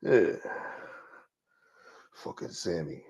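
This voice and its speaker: A man's voice: lowish voice, unhurried, pauses often, darkish tone. A man hosting a casual livestream, talking in a profane, offhand way. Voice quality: gravelly, profane. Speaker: livestream host. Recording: muffled lo-fi audio.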